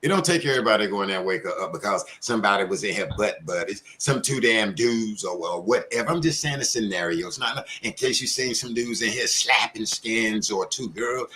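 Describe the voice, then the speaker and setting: A man's voice: on the low side, lively intonation, a little fast, hardly any pauses, bright, forceful tone. A man hosting an online panel show, talking in a heated, blunt, rambling way and swearing freely. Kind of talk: heated casual panel talk.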